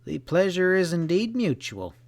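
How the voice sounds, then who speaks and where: A man's voice: high voice, big pitch swings, normal speed, darkish tone. A man reading as a dry, ironic frontier sheriff in an audiobook western.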